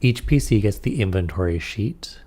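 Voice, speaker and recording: A man's voice: on the low side, lively intonation, moderate pace, mellow. A man reading aloud through a tabletop game rulebook and adding casual comments on the rules. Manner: reads rules aloud, then comments offhandedly.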